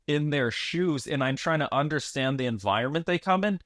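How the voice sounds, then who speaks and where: A man's voice: fairly high pitch, expressive, moderate pace, a bit bright, dry recording. A man with a slightly raised voice, recorded dry and close with no room sound. As a podcast co-host he argues earnestly and rambles, starting sentences over and over and dropping casual swears. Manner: earnest, rambling, restarts often, profane. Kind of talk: casual movie review chat.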